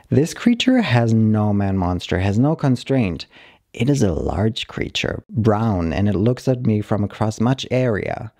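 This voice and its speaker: A man calmly reading a short story aloud, narrating in the halting first-person voice of a dog. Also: fairly low pitch, no room sound.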